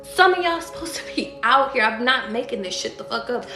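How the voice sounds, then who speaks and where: In a fairly high, expressive and brisk voice, a tarot-reading woman on a live stream bluntly rants at her audience with plenty of profanity, repeating herself to drive things home. It's a motivational tirade recorded with roomy echo and faint music in the background.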